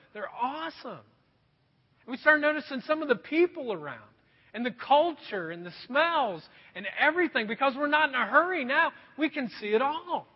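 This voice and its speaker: A pastor in his thirties preaches an earnest sermon and keeps calling his listeners folks. His voice sits very high and sounds a little husky. The recording is dull and rings with a long echo from a big hall. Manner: earnest storytelling preacher, addresses the crowd as folks. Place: church hall.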